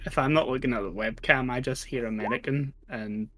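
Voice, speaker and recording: A man acting as game master, recapping the last session in a relaxed, hesitant way with many fillers. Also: mid-range voice, brisk, a crowd in the background.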